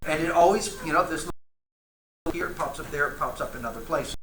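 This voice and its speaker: A man's voice: a little high, fast, noisy background. Man, Bible class teacher, conversational lecture, reads aloud with asides, echoey church classroom. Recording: roomy, echoey room with faint ambience.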